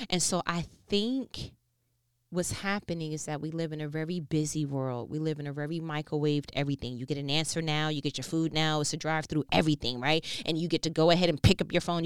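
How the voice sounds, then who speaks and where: Smooth-voiced woman giving an animated faith talk. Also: deep voice, dry recording. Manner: animated preaching, swings between rapid bursts and slow, hushed emphasis. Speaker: faith speaker.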